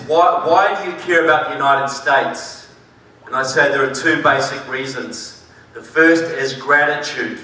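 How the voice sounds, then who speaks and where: A man's voice: medium pitch, sharp tone. A man from New Zealand with a New Zealand accent, giving a conference speech with emphatic delivery and dry humor. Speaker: conference speaker. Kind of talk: public speech. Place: large conference hall. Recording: echoey hall, distant mic.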